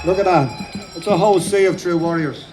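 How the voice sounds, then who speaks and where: A middle-aged Irish man giving a rousing, fast-paced speech at an outdoor rally. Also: high voice, darkish tone, soft background music. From Ireland. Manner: fast-talking, repetitive, rousing. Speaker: speaker at a rally.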